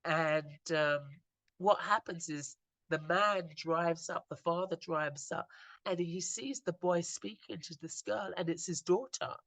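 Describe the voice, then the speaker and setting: Slow, earnest woman telling moving stories. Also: lowish voice, a bit bright, dry recording. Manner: earnest, slow storytelling with frequent restarts. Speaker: inspirational speaker. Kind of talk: retelling stories in a reflective talk.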